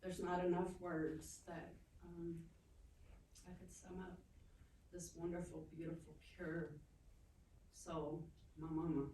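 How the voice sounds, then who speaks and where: A woman's voice: lowish voice, flat delivery, warm tone, slight background noise. Grieving woman reading a eulogy. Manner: emotional, halting, tearful. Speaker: daughter giving a eulogy. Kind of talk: reading a eulogy poem at a funeral. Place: funeral gathering, echoey room. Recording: echoey room, mic far off.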